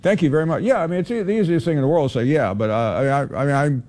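A man hosting a sports call-in radio show, answering callers in a measured, hedging way with many "uh"s. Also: a little high, darkish tone.

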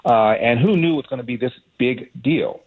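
A man calling in as a guest on a radio show, telling stories in a measured, admiring way. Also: mid-range voice, slightly rough. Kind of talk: phone interview. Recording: tinny phone line.

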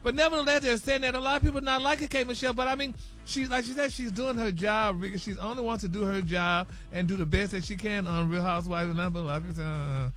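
A man's voice: high voice, fairly even intonation, quick pace, a bit bright, faint music behind. A man hosting a morning radio gossip segment, talking sassy and calling everyone honey, y'all and baby. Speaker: radio show host reading celebrity news.

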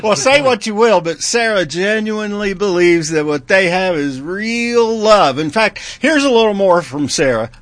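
A man's voice: sits high, animated, moderate pace, hardly any pauses, a bit bright. A male talk show host presenting segments in a wry, teasing, amused way.

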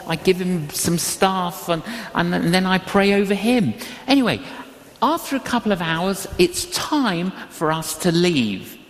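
Slow, emphatic older preacher in a hall. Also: medium pitch. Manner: emphatic, repetitive, slow delivery. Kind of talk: sermon with storytelling.

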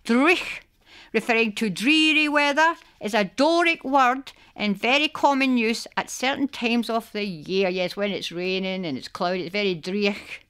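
A woman from Glasgow with a Glaswegian accent presents a community radio show. She talks in a chatty, homely way and slips in Scots words. Her voice is high, clear and smooth. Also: a little slow, fairly bright tone. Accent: Glaswegian Scottish. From Glasgow, Scotland. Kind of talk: radio presenting, reading an informative segment.

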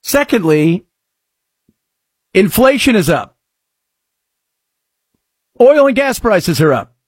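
A middle-aged man hosting a talk show, speaking sarcastically and breaking into mock shouts. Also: high voice, sing-song, takes it slowly, breathy edge, dry recording, clean studio sound. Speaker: radio talk show host. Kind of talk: sarcastic political talk commentary.

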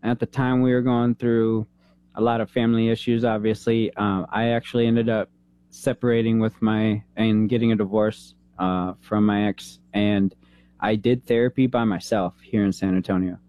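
A man in his thirties, a veteran, telling an emotional personal story in an interview, earnest and halting, holding back tears. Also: on the low side, little pitch movement, mellow. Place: San Antonio, Texas.

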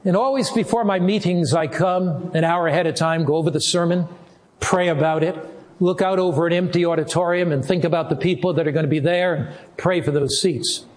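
An older man preaching a sermon as a pastor, earnest, with slow, drawn-out emphasis on key words. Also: a little high.

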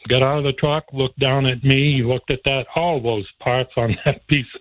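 A man's voice: mid-range voice, fairly even intonation, moderate pace, no room sound. Man telling a story over a tinny line. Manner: warm, laughs often while telling, gets emotional. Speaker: guest telling a life story. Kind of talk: casual storytelling. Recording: dry, phone-like line.

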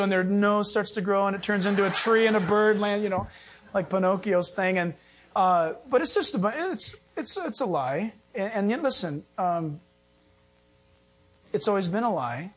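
A pastor preaching a sermon, animated, acting out quotes and joking with the congregation. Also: male voice, high-pitched, moderate pace. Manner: animated preaching, acts out quotes, jokes and laughs.

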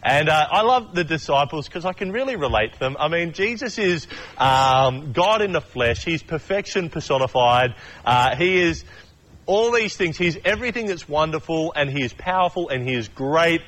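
A man's voice: on the high side, lively intonation, moderate pace, a bit bright, rough recording. A young adult man preaching a casual sermon, chatty and storytelling, acting out voices as he goes. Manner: chatty, acts out voices in stories. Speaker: pastor.

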